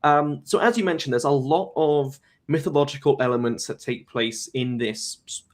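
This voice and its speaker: A man at a mid pitch hosts a live-streamed talk. He lays out his views in a measured, analytical way and states his opinions firmly. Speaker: host.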